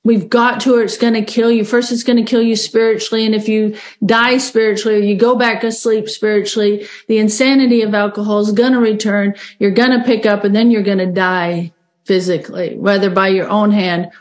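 A middle-aged American woman telling her recovery story in an earnest, halting way, with many restarts and fillers. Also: medium pitch, level tone. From United States. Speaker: recovery speaker. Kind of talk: personal recovery share.

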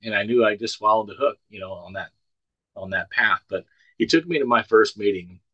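A man's voice: on the low side, a little fast, dry recording, lo-fi sound. A man in his sixties from the Ozark Mountains tells his recovery story at a meeting over a video call, in a folksy, plainspoken way with dry humor. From Ozark Mountains, United States. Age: 60s. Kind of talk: personal testimony at a recovery meeting.

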